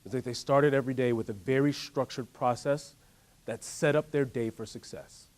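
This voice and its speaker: A man giving a motivational workshop talk, telling a story in an animated way and asking the audience to join in. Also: medium pitch, normal speed. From United States. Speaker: workshop speaker. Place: workshop room.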